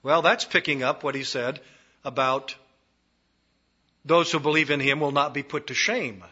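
Male preacher, husky edge, repetitive emphatic delivery, dull lo-fi recording. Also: fairly high pitch, fairly even intonation, normal speed, bright, forceful tone. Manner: emphatic, repeats phrases for stress. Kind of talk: expository sermon.

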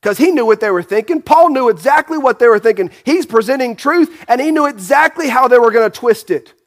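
A man with a high voice preaching a sermon. He talks emphatically, fires off rhetorical questions and often restarts his phrases. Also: lively intonation, a little fast. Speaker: pastor.

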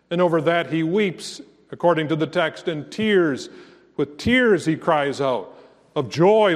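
A man preaching a sermon as pastor, slow and earnest, rising to emphatic declarations. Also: fairly high pitch, lively intonation, in a large hall.

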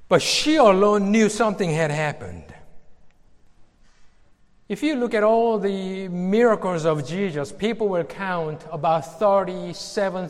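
A male preacher giving a sermon, slow and emphatic, with dramatic pauses. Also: high-pitched, in a large hall.

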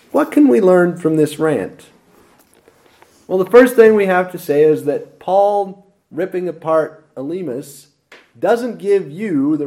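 A man preaching a lively expository sermon with dramatic emphasis. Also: on the high side.

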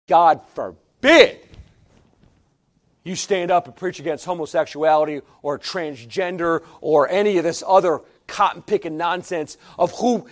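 Man, preacher, sermon, high voice, emphatic, middle-aged, hushed-to-loud swings.

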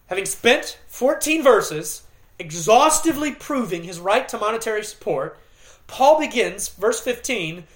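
A middle-aged pastor delivering an expository sermon, earnest and emphatic, with dramatic pauses and occasional restarts. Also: male voice, sits high, a bit bright.

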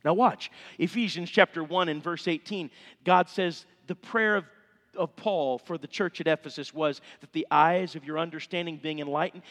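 A middle-aged male pastor, preaching a sermon with fervent, impassioned appeals in a church sanctuary. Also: a little high. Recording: long reverb of a church hall.

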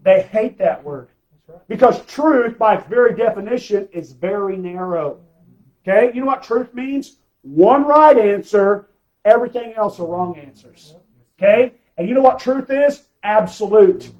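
High-voiced emphatic man preaching. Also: lively intonation, unhurried, highs cut off. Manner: emphatic, calls for amens, swings loud and soft. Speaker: pastor. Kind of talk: sermon.

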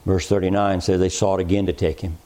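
A man's voice: low voice, level tone, fairly quick, warm tone. A man preaching an expository sermon, with rising, emphatic cadences.

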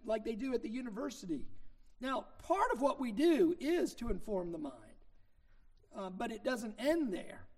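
A middle-aged man preaches a sermon with a high voice. He teaches in a relaxed, conversational way, telling stories. He presses hard on the points he wants to land. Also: normal speed. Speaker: minister.

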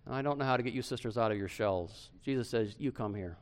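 Animated male pastor preaching. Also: mid-range voice, quick pace, clean tone. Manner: animated preaching, swinging from loud emphasis to hushed softness. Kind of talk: sermon.

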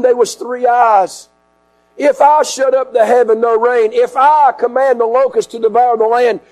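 Man preaching in a tent, very high voice, mains hum under the recording. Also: poor audio. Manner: preaching with sudden shouts and hushed drops. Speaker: pastor. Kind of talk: sermon. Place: outdoor tent service.

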